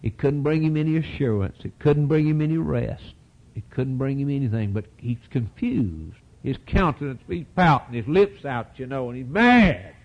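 The audio is dull as a man gives a passionate sermon at a moderate pace with big pitch swings. His folksy, repetitive delivery rises to loud crescendos and falls away into soft, low asides.

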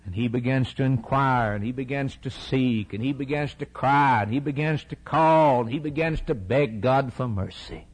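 A man's voice: normal speed, hardly any pauses, slightly rough. Man preaching with wild dynamic swings. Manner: dramatic swings from shouted cries to hushed, low asides; quotes scripture in old-fashioned wording. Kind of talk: sermon.

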